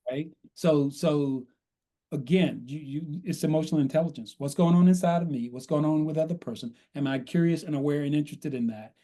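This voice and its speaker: A man, a consultant guest on a podcast, explaining in a measured way and often checking in with "right?". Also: fairly high pitch, warm tone. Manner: measured, repeats "right?", acts out sample dialogue. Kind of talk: podcast interview, coaching explanation.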